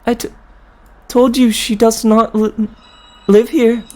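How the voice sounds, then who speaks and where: A woman's voice: fairly high pitch, flat delivery, slow pace, darkish tone. A woman voicing a frail, apologetic elderly widow in a horror game, who stammers and hesitates. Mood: flustered. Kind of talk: game dialogue.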